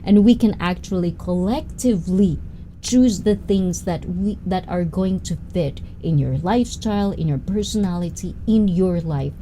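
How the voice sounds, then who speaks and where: A woman's voice: lowish voice, normal speed, dark tone, a little hiss or hum, poor audio. A woman hosting a casual livestream, chatting and sharing her views. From Japan and the Philippines. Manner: chatty, greets viewers by name, laughs often. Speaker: livestream host. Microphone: sensitive desk mic.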